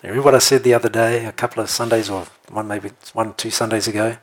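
A man preaching a sermon, animated and playful, often laughing and checking in with the congregation. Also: fairly low pitch, fast talker. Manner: animated, jokey, laughs often, asks the room "right?". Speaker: pastor.

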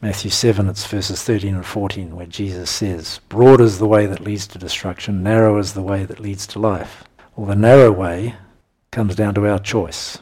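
A man preaching a sermon, teaching through scripture verses in an emphatic style, breaking into animated bursts and chuckles. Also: fairly low pitch, moderate pace, few pauses, breathy edge.

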